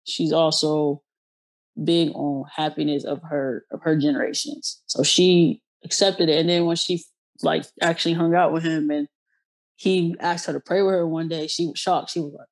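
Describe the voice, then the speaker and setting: A woman from Ohio hosting a podcast, telling personal stories in a slangy, blunt, animated way. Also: low-pitched, normal speed. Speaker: podcast host. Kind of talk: casual podcast chat.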